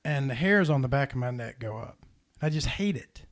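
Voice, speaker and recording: A man telling a heartfelt personal story in a casual podcast chat, earnest and animated. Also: medium pitch, moderate pace. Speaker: podcast host.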